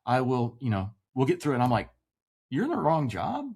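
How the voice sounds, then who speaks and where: Animated forty-something man telling his story. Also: medium pitch, brisk, breathy edge. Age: 40s. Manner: animated, swears freely, acts out quoted voices. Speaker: podcast guest, veteran. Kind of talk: casual storytelling chat.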